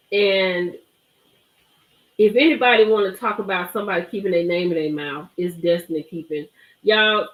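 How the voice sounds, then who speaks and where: A woman hosting a live stream, chatting emphatically and gossiping about a reality show. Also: medium pitch. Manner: animated, emphatic, chatty, greets viewers. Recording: roomy echo.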